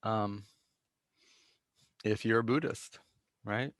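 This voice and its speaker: A man giving a reflective, self-deprecating dharma talk as a Zen teacher, halting with fillers and restarts and coughing now and then. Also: lowish voice, dry recording, clean studio sound.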